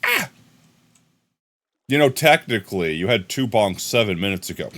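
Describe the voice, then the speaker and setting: A man livestreaming a game, chatting casually with his viewers in a rambling, jokey way that often trails off into a low mumble. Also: sing-song, normal speed, pauses often, noisy background. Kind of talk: casual live-stream chat with viewers.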